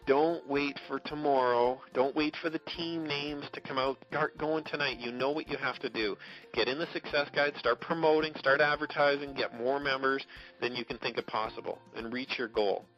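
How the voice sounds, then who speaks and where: A man's voice: medium pitch, fairly even intonation, normal speed. A man coaching his network marketing team on a motivational call, emphatic, often checking in with "okay?" and laughing between points. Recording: dull lo-fi recording with faint music.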